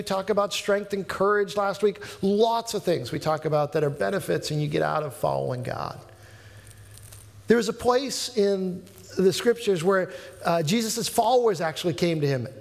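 High-voiced pastor preaching in a reverberant hall. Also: male voice. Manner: conversational, self-correcting with many restarts and fillers; acts out quoted voices in a higher, livelier tone. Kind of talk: sermon.

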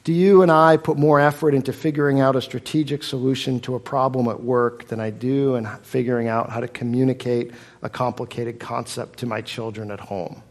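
A man's voice: mid-range voice, fairly even intonation, fairly quick, few pauses. A male pastor preaching a sermon with emphasis, repeating key phrases for weight.

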